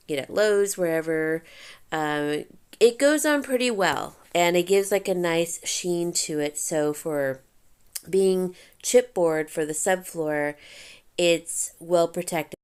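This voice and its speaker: A woman's voice: lowish voice, slow pace, darkish tone. Chatty woman vlogging while she paints. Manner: chatty, rambling, with fillers and little laughs. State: hurried, under time pressure. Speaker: DIY vlogger. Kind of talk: casual vlog narration while painting. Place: inside a house, on the stairs and landing.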